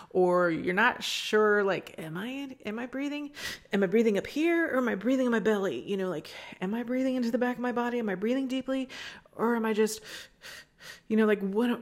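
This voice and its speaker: A woman hosting a yoga podcast, teaching in a chatty, reassuring way with lots of fillers and asides, recorded in a small room at home. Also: on the low side. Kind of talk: casual spoken yoga lesson.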